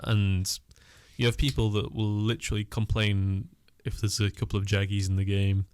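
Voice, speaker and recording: A man's voice: fairly low pitch, little pitch movement, moderate pace, a little mellow, smooth, dry recording. A young man co-hosting a gaming radio chat, blunt and dryly teasing. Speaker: radio show co-host. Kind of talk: casual chat on student radio.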